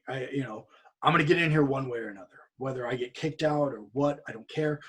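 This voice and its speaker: A man's voice: fairly high pitch, breathy edge. A man from California telling a story in a casual podcast chat, acting out what other people said. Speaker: podcast guest.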